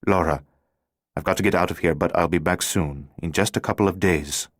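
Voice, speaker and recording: A man's voice: sits low, brisk, dry recording, studio quality. A man playing an urgent, secretive male stranger in an audiobook, giving terse instructions.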